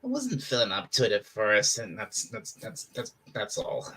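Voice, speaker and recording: A person from England talks casually on a podcast and keeps stalling and restarting in a halting, unsure way. The voice sits at an ordinary mid pitch. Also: wildly swooping pitch, fairly bright tone, breathy edge. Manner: hesitant, halting. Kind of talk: casual chat.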